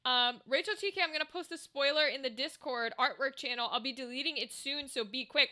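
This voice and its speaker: A woman's voice: high voice, a little fast, few pauses, bright, forceful tone. A woman livestreaming, chatting loosely with her viewers and reading their messages, rambling and swearing casually. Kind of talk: casual chat with chat.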